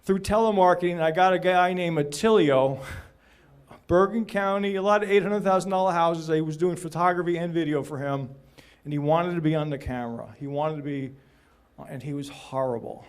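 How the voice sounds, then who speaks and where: A middle-aged man talks casually to a room of peers in a slightly high voice. He rambles through anecdotes with asides and little jokes, in an easy, informal way. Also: fairly even intonation, brisk, clear, resonant tone. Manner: chatty, anecdotal, jokey. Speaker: real estate videographer presenting. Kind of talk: casual talk at a group meeting.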